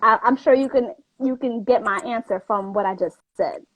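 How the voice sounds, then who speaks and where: A woman hosting a casual talk show, chatting in a lively, quick way and laughing easily. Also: on the high side, dull audio, slight background noise. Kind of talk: casual chat.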